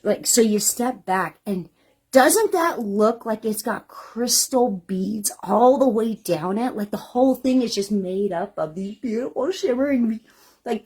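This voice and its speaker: Woman gushing over her handmade jewelry, all "honey" and "like", squealing high every so often. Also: a little mellow, breathy edge. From United States. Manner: gushing, exclamatory, lots of "honey" and "like"; sudden high squeals and gasps. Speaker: jewelry maker showing her work. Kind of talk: excited product showcase. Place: small home jewelry shop.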